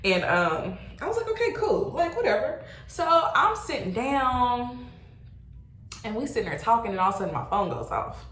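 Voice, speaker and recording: A young adult woman telling a casual storytime, animated and exclaiming, swearing freely. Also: medium pitch, moderate pace. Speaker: vlogger. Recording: roomy echo.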